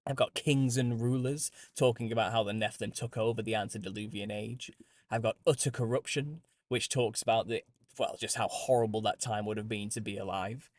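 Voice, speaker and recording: A man's voice: lowish voice, steady tone, brisk, no echo. A British man hosting a live stream, chatting casually with listeners, laughing often and restarting phrases as he goes. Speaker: host.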